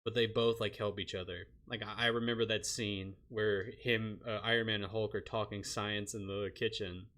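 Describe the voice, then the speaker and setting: A man's voice: fairly low pitch, little pitch movement, normal speed, few pauses. A man chatting casually while he streams a game. He rambles, swears freely and laughs often. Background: loud game music.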